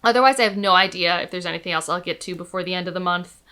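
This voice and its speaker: A woman's voice: lowish voice, racing, pushed and bright, clean tone. A woman chatting casually about books, gushing with enthusiasm and peppering her talk with "like" and "um". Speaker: book vlogger. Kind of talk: casual chat.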